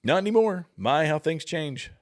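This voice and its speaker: A man's voice: a little high, expressive, normal speed. Man rambling through political commentary. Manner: rambling, with frequent restarts and asides. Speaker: livestream host. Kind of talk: casual political commentary reading chat comments.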